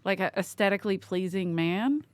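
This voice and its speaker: A woman's voice: mid-range voice, normal speed, smooth, no echo. Blunt woman guest, dry studio sound. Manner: blunt, laughing banter. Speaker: podcast guest. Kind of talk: casual chat.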